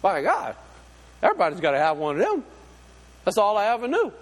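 A man's voice: sits high, wildly swooping pitch, brisk, long reverb tail. A man preaching a sermon, folksy and full of rhetorical questions. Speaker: pastor.

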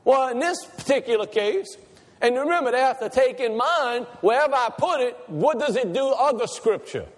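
A man's voice: very high voice, lively intonation, normal speed. A man preaching a sermon to a congregation, asking them questions and repeating his points for emphasis. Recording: reverberant church hall.

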